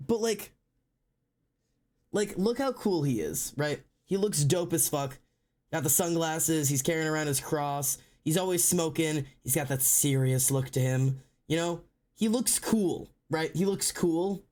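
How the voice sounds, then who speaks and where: A woman's voice: low voice, unhurried, a little mellow. A woman streamer chatting casually, ranting and swearing, with dramatic wails of mock despair. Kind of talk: casual live-stream chat.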